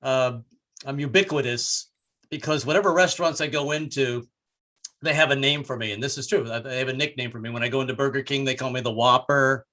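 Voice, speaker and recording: A man's voice: medium pitch, steady tone, fairly quick, sharp tone. An older man doing a stand-up comedy set, rambling and self-deprecating with many restarts.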